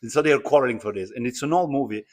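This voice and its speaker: A man from Italy with an Italian accent, co-hosting an interview in English in a halting way, with many restarts. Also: mid-range voice, a little mellow. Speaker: podcast co-host. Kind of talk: casual interview chat in English.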